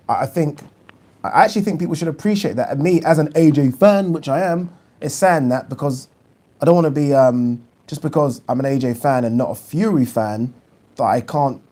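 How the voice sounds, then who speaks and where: Chatty man with a mellow voice. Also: mid-range voice. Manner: chatty, opinionated, frequent ums and repeats. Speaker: boxing channel host. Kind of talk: casual live-stream chat, reading viewer questions.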